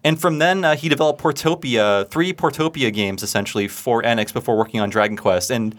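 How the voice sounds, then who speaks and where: A man hosts a podcast in relaxed conversation. He talks loosely, with plenty of fillers, and laughs often along the way. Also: medium pitch, a little fast. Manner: chatty, laughs easily, many fillers. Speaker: podcast host. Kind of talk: casual podcast chat.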